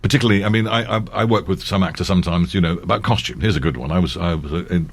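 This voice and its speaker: A man's voice: sits low, rapid-fire. An older male actor chatting as an interview guest, telling rambling anecdotes with frequent restarts and easy laughter. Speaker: actor and voiceover artist guest. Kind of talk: casual interview chat.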